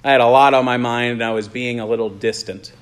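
A man, a pastor, delivering an earnest sermon and telling a personal story, slowing down on key phrases. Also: medium pitch, fairly even intonation, clean tone. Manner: earnest storytelling, slows for emphasis.

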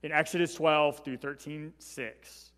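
A man's voice: fairly high pitch, steady tone, unhurried, a bit bright, big-room sound. A man preaching a Bible teaching in a conversational way, often checking in with "right?" as he goes. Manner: conversational, tags points with "right?".

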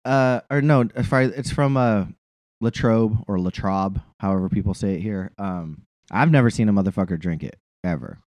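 A man's voice: lowish voice, brisk, a little mellow, no room sound. A man co-hosting a podcast, chatting casually in a rambling, profane way. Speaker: podcast co-host. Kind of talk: casual chat.

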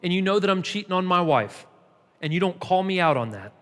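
A man's voice: sits high, expressive, fairly quick, a bit bright. A man pastor preaching a sermon in a church, emphatic and repetitive, building in intensity. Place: church sanctuary. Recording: long hall reverb.

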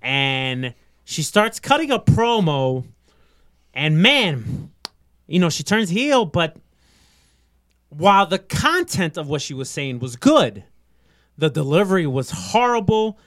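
Brief: higher-voiced male host, rambling and animated, dry close sound. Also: takes it slowly, long pauses, no echo. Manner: animated, rambling, laughs often. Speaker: podcast host. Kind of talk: casual wrestling chat.

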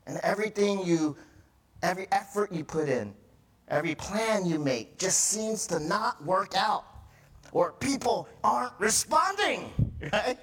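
A middle-aged male pastor giving a conversational sermon, acting out crying children and tantrums as he talks. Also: on the high side.

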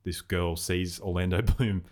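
A man's voice: low-pitched, fairly even intonation, unhurried, a little mellow. A man co-hosting a casual chat about films, chatty and keen to retell scenes.

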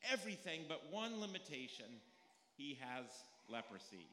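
A man's voice: a little high, big pitch swings, moderate pace, sharp tone. A male pastor preaching a sermon in a conversational, storytelling way, asking his listeners questions as he goes. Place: church sanctuary. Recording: echoey hall with long reverb.

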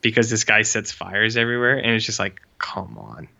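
A man's voice: on the low side, level tone, fast, pushed and bright. A man casually chatting as a podcast co-host, rambling and sarcastic with lots of "like". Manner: rambling, sarcastic, heavy use of "like". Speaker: podcast co-host reviewing short films. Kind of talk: casual chat.

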